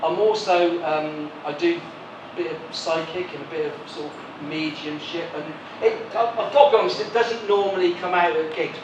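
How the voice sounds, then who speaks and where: A male stand-up host with flu works the crowd with cheeky, teasing banter at a live comedy venue. His voice sits high. The stage mic sounds distant in a very echoey room, with a lot of noise behind it. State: has flu. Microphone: stage microphone. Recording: echoey venue from far off, noisy.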